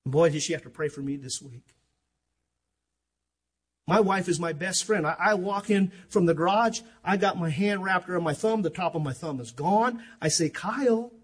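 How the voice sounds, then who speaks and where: An older man preaching with passion, his high voice husky and a little rough. He surges to loud declarations and then drops to near-quiet asides. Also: normal speed. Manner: impassioned, rising and dropping sharply in volume, acts out stories. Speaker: pastor. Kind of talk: sermon.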